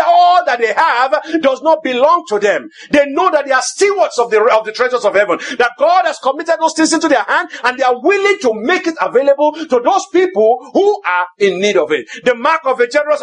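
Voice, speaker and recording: A man preaching a sermon as pastor, emphatic and repetitive, now and then shouting. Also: very high voice.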